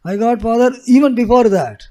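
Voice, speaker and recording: A man's voice: very high-pitched, brisk, mellow. A man voicing a revived baby boy who speaks in a wise, puzzled, matter-of-fact way.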